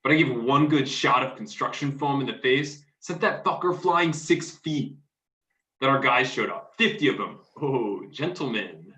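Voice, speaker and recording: Rough young football fan read by a man, profane, bright voice, echoey room, play reading. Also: mid-range voice, unhurried. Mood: boastful. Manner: rough, profane, excited storytelling. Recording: roomy echo.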